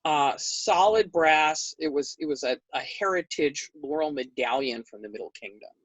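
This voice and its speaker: Low-voiced woman telling a lively story. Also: normal speed, husky, no room sound, low-quality recording. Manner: animated, acts out quoted dialogue with big pitch jumps. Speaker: interview guest recounting history. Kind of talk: conversational storytelling.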